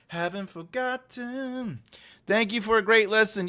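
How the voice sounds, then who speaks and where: A man's voice: high voice, a little slow, bright, forceful tone. A man hosting a writing livestream, chatting casually and rambling as he reads out and answers chat messages, often laughing.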